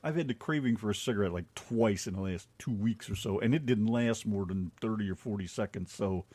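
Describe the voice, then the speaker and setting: An American man co-hosting a casual online radio show, joking and teasing with loud laughs. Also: lowish voice, fairly quick, husky, no room sound. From United States. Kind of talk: casual banter with co-host and chat.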